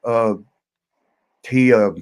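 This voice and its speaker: A man spins a loose, unscripted yarn as a podcast host, stopping and restarting often and chuckling along the way. His voice sits at an ordinary middle pitch. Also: flat delivery, a little mellow, clean tone, poor audio. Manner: rambling, halting, chuckles through his story. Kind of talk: casual storytelling.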